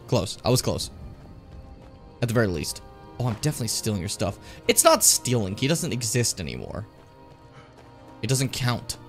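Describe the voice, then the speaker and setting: Animated man streaming a game. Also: mid-range voice. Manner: animated, swearing, jumps into shouting. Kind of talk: casual gameplay commentary.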